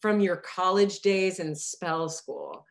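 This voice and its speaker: A woman's voice: lowish voice, steady tone, slow pace, crowd noise. A woman running a tabletop game as game master, narrating in a chatty, hesitant way and laughing often.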